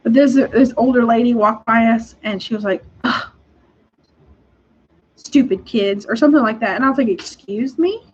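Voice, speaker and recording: A young woman, hosting a casual chat and telling stories in an animated, exasperated way with frequent laughs. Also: on the high side, quick pace, hardly any pauses, a little hiss or hum. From Texas. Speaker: podcast host. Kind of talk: casual storytelling. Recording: dull lo-fi recording.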